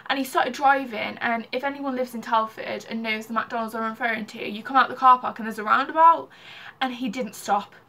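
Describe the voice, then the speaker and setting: Chatty young woman, bright voice. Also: on the high side, brisk, creaky. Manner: chatty, heavy use of "like". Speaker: vlogger. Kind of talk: casual personal storytelling.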